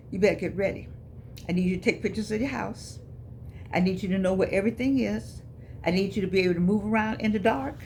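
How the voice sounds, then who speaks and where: Woman, middle-aged, casual to-camera talk, repeats herself, slow emphatic punches. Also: medium pitch, slight background noise. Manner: preachy, repeats herself, wanders off mid-thought; sudden emphatic stretched-out words. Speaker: online motivational speaker.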